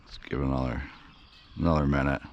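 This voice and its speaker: A man vlogging outdoors by a river, excited and breathless, saying he is shaking with excitement and often calling out to his viewers. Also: very deep voice, fast talker, highs cut off, a little hiss or hum. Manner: excited, breathless exclamations and repeated "you guys". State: shaky with excitement. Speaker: vlogger running a radio-controlled boat. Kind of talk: excited outdoor vlog commentary.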